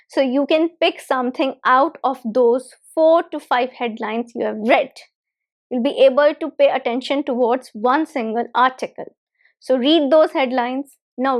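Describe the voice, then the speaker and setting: High-voiced woman teaching English step by step. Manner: patient, repeats key points, direct instructions. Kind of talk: step-by-step spoken lesson.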